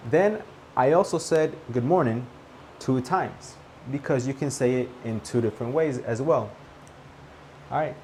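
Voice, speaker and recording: Guy teaching english greetings, real slow and careful, bit of faint hiss behind. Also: medium pitch, animated, darkish tone, rough recording. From Latin America. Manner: slow, carefully over-articulated demonstrations. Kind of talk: pronunciation lesson to camera.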